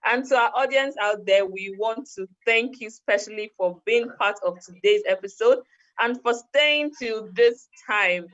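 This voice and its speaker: A woman's voice: on the high side, measured pace, fairly bright tone. A woman host, thanking her guest and closing the show in a polite, formal way. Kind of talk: formal sign-off. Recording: dull lo-fi sound.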